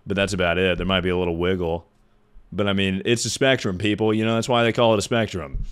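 A man with a deep voice chatting casually with his livestream viewers, making sarcastic jokes and sounding like he is announcing things. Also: steady tone, fast, clear, resonant tone. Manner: sarcastic, joking asides.

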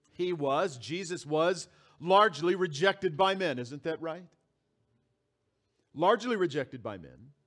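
A man preaching a sermon as pastor, reading scripture aloud and repeating key phrases for emphasis. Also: on the high side. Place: church sanctuary.

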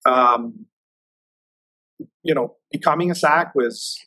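Husky man in his fifties telling stories. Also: medium pitch, slow pace, bright, forceful tone, no echo, low-quality recording. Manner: loose, filler-heavy, repeats words. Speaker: federal agent guest. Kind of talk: casual interview storytelling.

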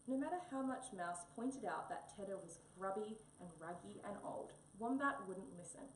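A woman reading a children's picture book aloud in an expressive storybook manner. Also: mid-range voice, moderate pace, few pauses. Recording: echoey room, mic a bit far, faint hum.

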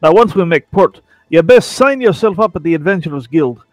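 A man voicing a worldly, rough-talking male seafaring adventurer with a folksy put-on drawl, reading game dialogue. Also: a little high, lively intonation, a little fast, darkish tone, dry recording, faint music behind, close to an everyday voice.

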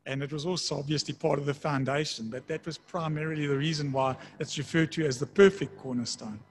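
A man preaching a sermon in a conversational way, slowing down to read scripture aloud. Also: a little high, steady tone, a little hiss or hum. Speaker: pastor.

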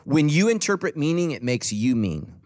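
Pastor guy preaching, middle-aged, voice swings all over, kinda high, jokey. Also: sing-song, normal speed, darkish tone. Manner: conversational, joking, acts out quoted voices. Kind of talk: sermon. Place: church auditorium.

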